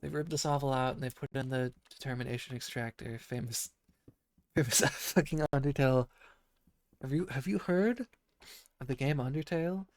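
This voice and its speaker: A man with a croaky voice from being sick, rambling through a profane casual monologue full of restarts, as a podcast host. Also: medium pitch, moderate pace, a little mellow, no echo. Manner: rambling, profane, self-interrupting.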